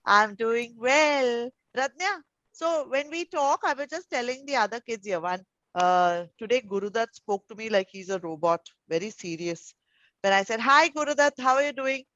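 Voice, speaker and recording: A woman teaching young children over a video call, gentle and encouraging, full of endearments. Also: a little high, expressive, moderate pace, no echo. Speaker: preschool teacher. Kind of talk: online class with young children. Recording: dull, dry video call audio.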